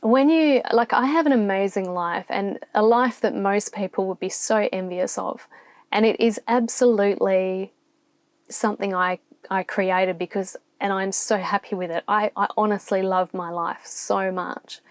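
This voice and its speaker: A woman's voice: mid-range voice, measured pace, dry recording. Reflective Australian woman vlogging from her van. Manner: open, reflective, rambling with restarts. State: near tears at times. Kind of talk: candid solo vlog to camera. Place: campground, inside a van.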